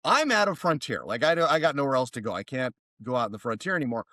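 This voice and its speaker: An American man, a therapist, telling a story as a podcast guest in a rambling, animated way. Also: mid-range voice, fast, dry recording. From United States. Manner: rambling, animated, many restarts. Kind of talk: casual storytelling.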